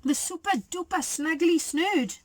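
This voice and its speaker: A woman's voice: extremely high pitch, unhurried, no room sound, pitched above the performer's own voice. A woman doing Lanky Len, greedy thief. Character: lanky male egg thief, greedy and eager.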